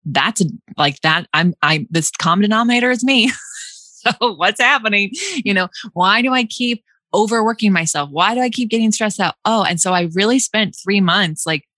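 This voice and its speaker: A woman's voice: mid-range voice, animated, moderate pace, sharp tone, dry recording, clean studio sound. A young adult woman hosting a casual chat, talking freely with frequent laughs and restarts. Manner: chatty, laughs often, many restarts and likes.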